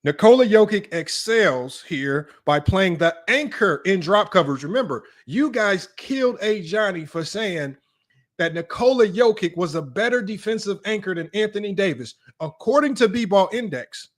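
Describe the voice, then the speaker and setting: A man's voice: sits high, lively intonation, moderate pace. A man hosting a sports debate show, reading statistics aloud and taunting his critics in a combative, mocking way. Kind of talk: reading stats and ranting to viewers.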